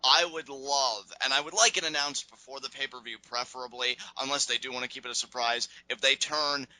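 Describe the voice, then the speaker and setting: A man co-hosting a wrestling podcast, chatting through a recap in a casual, animated way. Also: mid-range voice, fairly quick, no echo, rough recording. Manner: animated, acts out wrestlers' lines.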